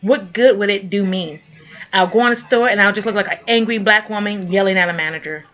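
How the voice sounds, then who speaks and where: A woman makes an impassioned direct-to-camera appeal, her voice indignant, pleading and emphatic. Her pitch sits in an ordinary middle range. The recording sounds dull and lo-fi. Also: fairly quick, a bit bright. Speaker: mother speaking out.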